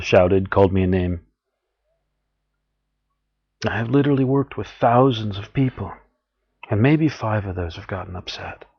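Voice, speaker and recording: A man's voice: fairly low pitch, highs cut off. A man giving an earnest, encouraging spiritual talk, often acting out what people say. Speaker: spiritual teacher.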